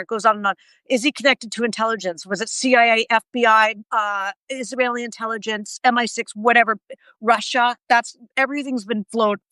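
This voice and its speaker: A woman co-host with a bright, fairly high voice talks in an emphatic, chatty way. The sound is dry and close. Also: no echo. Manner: emphatic, chatty, reads from notes. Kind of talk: casual conversation on a live stream.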